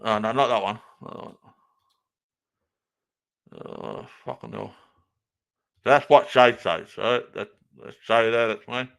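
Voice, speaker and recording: A man's voice: lowish voice, measured pace, gravelly, long pauses, a bit bright. Rambling man hosting a clip stream. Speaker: streamer reacting to clips. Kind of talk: casual rambling commentary.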